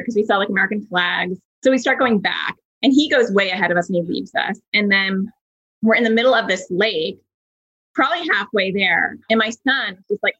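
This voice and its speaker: A woman in her thirties, a podcast host telling a story in a chatty, animated way with lots of fillers. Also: medium pitch, fairly quick, slightly rough, dull audio. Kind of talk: casual conversational storytelling.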